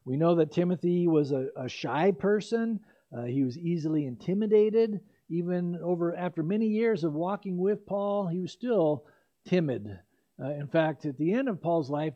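Heard through a dull lo-fi recording, an older male pastor preaches an expository sermon in a slightly high voice at normal speed. His style is conversational, with asides and self-corrections along the way.

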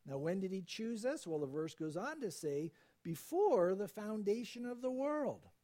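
A man preaching a sermon, quoting scripture and slowing down to stress key points. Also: high voice. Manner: animated preaching, quoting scripture, slows for emphasis. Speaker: pastor.

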